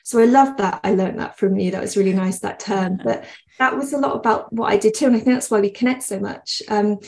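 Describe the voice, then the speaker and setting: An earnest woman talks as a podcast guest, wandering from thought to thought and breaking into laughter often. Her voice sits at an ordinary middle pitch for a woman. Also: brisk, darkish tone. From West Midlands, England. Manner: earnest, rambling with frequent laughs. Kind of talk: conversational podcast interview.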